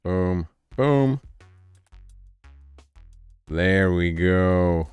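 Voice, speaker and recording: A man's voice: sits low, animated, very slow, darkish tone, smooth, no room sound, soft background music. A man giving casual commentary while streaming a game, thinking aloud and chatting with viewers.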